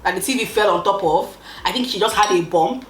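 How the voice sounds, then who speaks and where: A young woman telling a storytime with expressive, dramatic emphasis, drawing out key words. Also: mid-range voice, a little fast, echoey room, a little hiss or hum, low-quality recording. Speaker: vlogger. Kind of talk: casual storytime.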